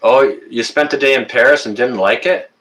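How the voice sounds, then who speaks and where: Talking at a moderate pace in a fairly bright, mid-range voice, a livestream host in his fifties from Canada chats loosely with his audience. He jokes, teases, and frequently restarts or fills gaps with filler words.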